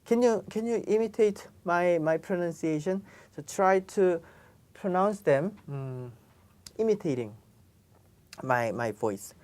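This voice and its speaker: A woman's voice: on the low side, lively intonation, measured pace, a little mellow. A woman teaching pronunciation, patiently repeating each sound for learners. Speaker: Korean language teacher. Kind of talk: pronunciation lesson.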